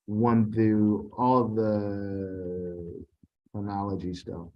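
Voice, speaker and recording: Low-voiced man reading quiz questions. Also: level tone, highs cut off. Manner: informal, halting, reads quiz questions aloud with restarts. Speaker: TESOL instructor. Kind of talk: casual tutoring session.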